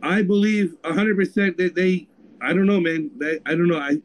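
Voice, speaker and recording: A man's voice: high-pitched, steady tone, moderate pace, poor audio. A man co-hosting a podcast, telling a story in crude, rambling casual chat. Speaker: podcast co-host.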